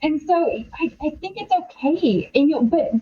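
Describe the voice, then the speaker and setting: A middle-aged woman, an author and podcast guest, talking in an animated, chatty way with many quoted asides. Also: high-pitched, normal speed, lo-fi sound. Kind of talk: casual conversational interview.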